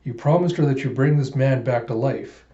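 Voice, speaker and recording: A man's voice: medium pitch, moderate pace, dark tone, reverberant, lo-fi sound, close to an everyday voice. A man voicing a sly female assistant lounging about, lazy and teasing.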